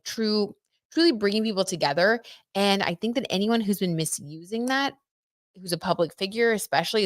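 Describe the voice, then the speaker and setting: A woman giving a casual live tarot reading in a chatty, excitable way, full of fillers. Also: lowish voice, dry recording, clean studio sound. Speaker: tarot reader.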